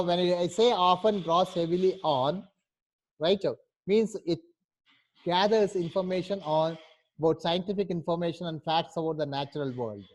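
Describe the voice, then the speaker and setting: A man teaching a class, explaining step by step and often checking with "right?". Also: on the high side. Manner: patient, repeats "right?" to check understanding. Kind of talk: online class instruction.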